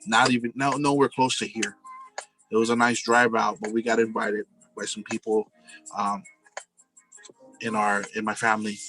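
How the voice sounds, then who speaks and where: A man's voice: fairly low pitch, a bit bright, rough recording. A married man telling personal stories in a casual, earnest, rambling monologue, often saying "you know" and calling his listeners "guys". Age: adult, married with a family.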